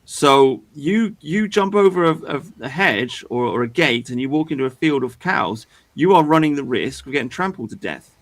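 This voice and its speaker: Young guy, stream co-host, rambling and profane, average pitch. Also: animated, normal speed, few pauses. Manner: rambling, repeats himself, swears a lot. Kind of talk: casual chat.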